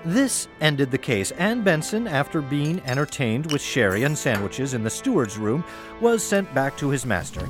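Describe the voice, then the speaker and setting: A man's voice: mid-range voice, big pitch swings, normal speed. A man narrating a fairy tale in a wry, playful storytelling manner over faint music.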